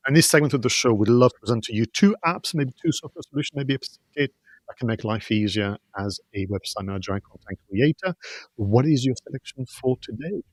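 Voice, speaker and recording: A man's voice: mid-range voice, expressive, quick pace, no room sound. A man hosting a business podcast, presenting segments in an upbeat, chatty way with some hesitations. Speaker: podcast host. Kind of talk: casual podcast chat.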